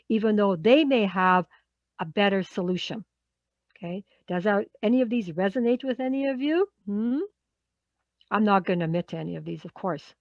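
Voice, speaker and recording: A woman's voice: fairly high pitch, dry recording, lo-fi sound. A woman leading a live workshop as a coach, talking conversationally and often checking in with the group.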